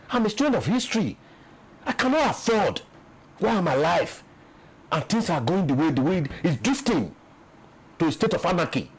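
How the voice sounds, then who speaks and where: This peace commission official, interviewed as a guest, speaks in a Nigerian English accent with a high, sing-song, slightly rough voice at a moderate pace, leaving long pauses. He makes impassioned, emphatic political remarks, repeating words to build his case, and the recording is rough.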